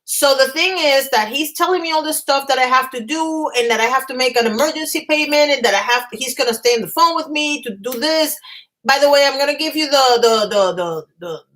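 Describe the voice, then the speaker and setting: Woman vlogger, fairly high voice, agitated rushed storytelling, stumbles and restarts, live stream from home. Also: fairly bright tone, poor audio. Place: home apartment.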